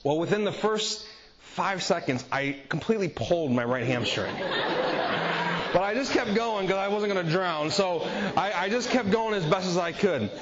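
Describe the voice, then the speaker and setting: A man's voice: sits high, expressive, moderate pace, background noise. Man preaching, self-deprecating storyteller. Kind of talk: humorous sermon story. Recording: dull lo-fi audio with crowd laughter.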